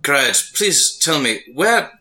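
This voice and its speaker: A man's voice: a little high, very animated, takes it slowly, bright, forceful tone, faint music behind, low-quality recording. A man playing a tabletop game, asking playful in-character questions and cracking jokes. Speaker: player.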